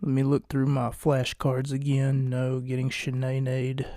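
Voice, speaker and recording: A man hosting a casual solo wrestling podcast late at night, talking in a hushed, jokey, rambling way from a home recording space. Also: mid-range voice, completely flat delivery, moderate pace, dry recording, studio quality. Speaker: podcast host.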